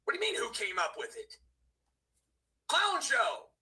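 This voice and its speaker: High, bright-voiced man ranting on a livestream. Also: wildly swooping pitch, a little slow, rough recording. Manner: aggrieved, profane, ranting. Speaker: livestream host. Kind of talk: heated casual livestream rant.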